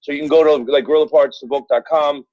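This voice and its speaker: A man's voice: a little high, fairly even intonation, quick pace, dry recording. A middle-aged man from Brooklyn, a guest telling rambling, profane stories full of fillers over the phone. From Brooklyn, New York. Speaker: guest, author. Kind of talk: casual interview chat. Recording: dull phone-call audio.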